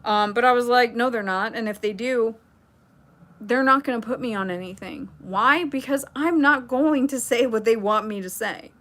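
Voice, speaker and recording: A woman's voice: a little high, moderate pace, fairly bright tone. A young adult woman hosting a casual livestream, reading chat and talking in a blunt, sarcastic, rambling way with asides.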